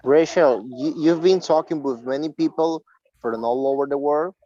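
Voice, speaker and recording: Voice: medium pitch, normal speed, warm tone, no room sound, highs cut off. A participant on a video call asks questions hesitantly, searching for words.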